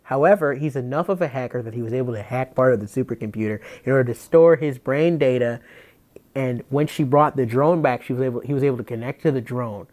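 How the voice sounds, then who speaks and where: A man's voice: mid-range voice, quick pace, a little mellow. A man hosting a comedy podcast, casually recapping a story in a rambling way, full of fillers and restarts. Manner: rambling, filler-heavy, self-interrupting. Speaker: podcast host.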